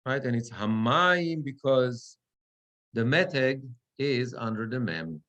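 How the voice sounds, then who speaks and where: A male cantor leads a Torah reading class in a synagogue, explaining things patiently. His delivery is unhurried. When he chants the verses, his clear bright voice stretches each word out. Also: mid-range voice, animated. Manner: explains slowly, then chants verses in drawn-out cantillation. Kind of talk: class instruction with chanted examples.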